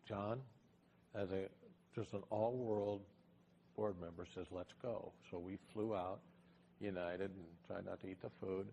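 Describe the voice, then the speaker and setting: Middle-aged man, low voice, founder swapping stories, playful and animated, acts out each line. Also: a little slow, creaky, a little hiss or hum. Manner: lively, acts out dialogue with changed voices. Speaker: tech company founder. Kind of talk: casual storytelling anecdote.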